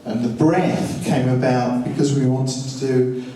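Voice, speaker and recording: A man's voice: medium pitch, steady tone, a little slow, dark tone, slight background noise. A man who is a record producer, telling studio stories in a dry anecdotal way and acting out what people said. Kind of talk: studio walkthrough talk. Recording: distant roomy mic with music.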